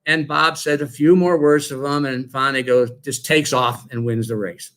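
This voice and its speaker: An older man, a former coach, giving a tribute speech at an induction and telling stories in a lively way. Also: a little high, normal speed, hardly any pauses. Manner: storytelling, lively retelling.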